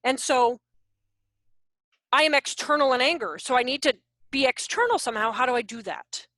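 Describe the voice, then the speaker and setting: Bright, high, lively woman in her forties. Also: moderate pace, no echo, clean studio sound. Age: 40s. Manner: animated, self-deprecating, jokey. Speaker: behavior consultant. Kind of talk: online workshop talk. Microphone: video call.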